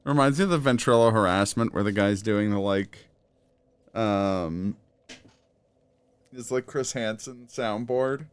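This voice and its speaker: Low, clear-voiced man on a stream. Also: measured pace, long pauses, no echo. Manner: laughs often, rambling anecdotes. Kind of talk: casual gaming stream chat.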